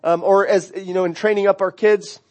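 Man, pastor, sermon, high-pitched voice, earnest, fervent, restarts phrases. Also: steady tone, a little fast. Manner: earnest preaching with repeated restarts, rising to fervent cries.

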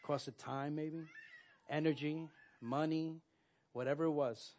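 A man preaching a sermon, earnest and direct, often restarting his sentences and filling pauses with "uh". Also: a little high, fairly even intonation, darkish tone, slight background noise. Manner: earnest, with frequent fillers and restarts. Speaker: pastor.

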